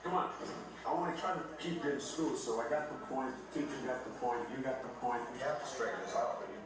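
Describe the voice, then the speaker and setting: A man's voice: mid-range voice, fast talker. A male principal talks an angry student down in a casual, coaxing way. He sounds far from the mic in an echoey space, and a crowd murmurs behind him. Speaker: school principal. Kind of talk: calming talk with a student. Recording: distant echoey documentary audio with crowd.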